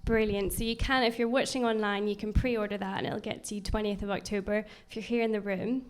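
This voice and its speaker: A woman's voice: medium pitch, steady tone, fast talker, smooth. A woman hosting a live-streamed book launch, chatty and upbeat, with frequent ums. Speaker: event host.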